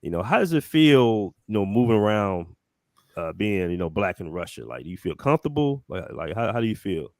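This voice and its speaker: A man hosting a casual interview, asking questions in a relaxed way with frequent short acknowledgements. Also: fairly low pitch, brisk, no room sound, studio quality. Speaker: interview host.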